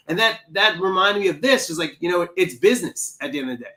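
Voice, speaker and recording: An energetic man co-hosts a film discussion, his voice sitting a little high and ringing bright. He jumps into acted-out quotes and exclamations, the rhythm of easy, excited conversation. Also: very fast, hardly any pauses. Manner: animated, exclaims and acts out quotes. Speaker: film podcast co-host.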